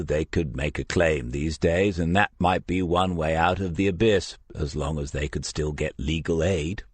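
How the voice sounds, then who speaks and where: In scripted audiobook narration of a detective novel, a man tells the story in a measured, even way. His voice is deep and the recording has no room sound.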